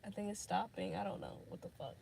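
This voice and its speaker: A woman's voice: medium pitch, very animated, quick pace, gravelly, darkish tone, a little hiss or hum. A young woman hosting a casual podcast livestream, rambling and swearing as she thinks aloud, with lots of fillers. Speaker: podcast host.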